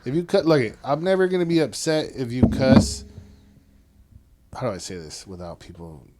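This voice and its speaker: A man's voice: medium pitch, sing-song, moderate pace, a little mellow, a little hiss or hum. A man in his thirties, a father hosting a podcast, chatting casually with his son, swearing freely and calling him "bro". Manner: laid-back, swears freely, says "bro".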